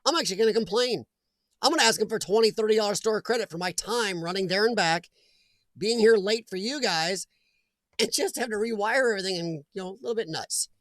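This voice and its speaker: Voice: mid-range voice, a little fast, a bit bright, no echo, clean studio sound. A livestream host chatting casually from home, laughing often and greeting viewers by name.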